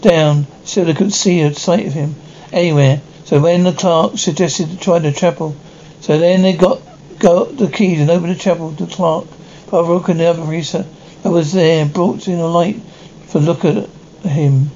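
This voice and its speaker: Brief: male audiobook narrator, gravelly and a touch high, stumbling reading; dull, faintly noisy recording. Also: fairly even intonation, mellow. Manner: halting, with frequent restarts. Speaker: audiobook reader. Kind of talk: storybook narration.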